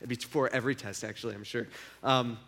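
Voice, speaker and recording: A man's voice: mid-range voice, steady tone, a little fast, creaky, a bit bright. A young man giving a casual sermon, retelling a story in a conversational way with lots of fillers. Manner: conversational, filler-heavy storytelling with acted quotes. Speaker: preacher.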